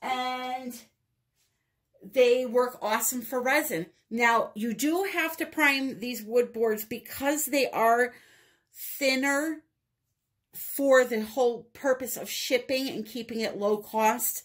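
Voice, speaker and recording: Slow-talking New England woman. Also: fairly high pitch. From northeastern United States. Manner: chatty and upbeat, laughs at herself. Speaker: resin art channel host. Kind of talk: casual craft tutorial.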